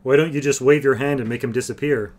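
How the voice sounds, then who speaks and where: A man voicing a big, blunt male warrior with a rumbling way of talking. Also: fairly even intonation, fast talker, darkish tone, lightly acted.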